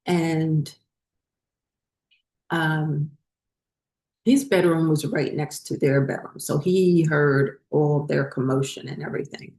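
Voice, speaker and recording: Low-voiced woman telling a personal story. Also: steady tone, slow, long pauses, a little mellow, roomy sound. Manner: rambling, many fillers and restarts. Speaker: spiritual channel host.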